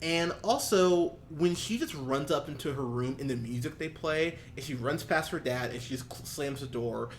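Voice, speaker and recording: A man co-hosting a movie review podcast in casual chat, animated, swinging between loud and soft and laughing often. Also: a little high, moderate pace, few pauses, a little hiss or hum. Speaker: podcast co-host.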